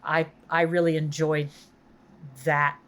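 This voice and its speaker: A woman's voice: deep voice, flat delivery, takes it slowly, a bit bright. A woman who is a podcast guest, chatting casually and enthusiastically while hedging her opinions. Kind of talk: casual chat.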